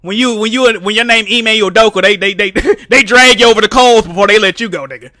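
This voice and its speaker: Loud, mocking streamer man, bright tone. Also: high-pitched, fairly quick, dry recording, studio quality. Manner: loud, mocking trash talk with frequent laughter. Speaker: streamer host. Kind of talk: casual live-stream banter.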